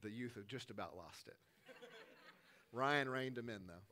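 Pastor in his thirties, bright forceful voice, emphatic yet chatty sermon delivery, loud then hushed. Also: medium pitch, normal speed, slight background noise. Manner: conversational, emphatic preaching, swinging between forceful and hushed.

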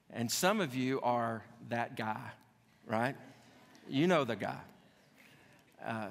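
A man preaching a sermon as pastor, repeating key phrases for emphasis with conversational asides to his congregation. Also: medium pitch. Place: church sanctuary. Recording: long hall reverb.

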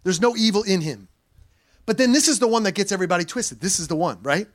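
A male pastor delivering a sermon in a high-pitched voice. He preaches in an animated, conversational way, reading scripture and dropping in playful slang asides. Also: fast.

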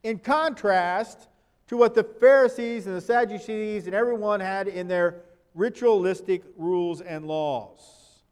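A man with a strikingly high voice delivers a sermon in a plain, conversational way, asking his listeners questions and reading scripture verses aloud. His delivery is smooth, a touch mellow, and somewhat slow.

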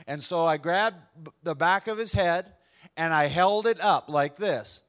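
A man's voice: a little high, measured pace, fairly bright tone, clear, resonant tone. A male pastor preaching a sermon to a room full of people, telling a story in an earnest, conversational way. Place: room with a congregation.

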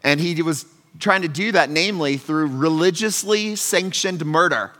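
Bright-voiced pastor in a reverberant hall. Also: male voice, a little high, normal speed. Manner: conversational, earnest, shifts between loud emphasis and soft asides. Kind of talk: sermon.

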